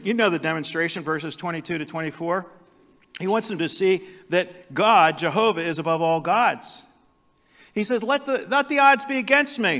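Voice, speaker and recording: Animated preacher in a reverberant hall. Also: male voice, on the high side. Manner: animated, acts out the prophet's lines with sudden loud jumps. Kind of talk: sermon.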